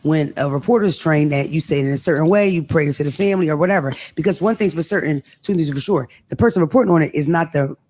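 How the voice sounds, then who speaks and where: A man's voice: a little high, darkish tone. A man on a podcast panel, arguing his point firmly. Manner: firm, rapid, argumentative. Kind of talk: podcast debate.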